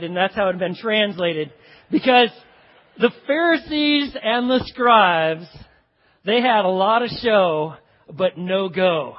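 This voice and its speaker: A man preaching a sermon as pastor, with a folksy, joking and animated delivery. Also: sits high, slightly rough. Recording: dull sound with long hall reverb.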